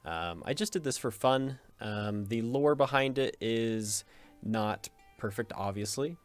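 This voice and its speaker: A man's voice: mid-range voice, unhurried, faint music behind. A man hosting a gaming video in casual let's play commentary, joking and rambling, often cutting himself off with a chuckle.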